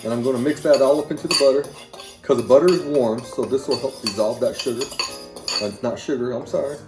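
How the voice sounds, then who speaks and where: A man's voice: medium pitch, brisk, reverberant, music in the background. A man with a Southern accent hosting a home cooking video, talking plainly and folksy with rambling asides as he walks through a recipe in his kitchen. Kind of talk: casual cooking demonstration.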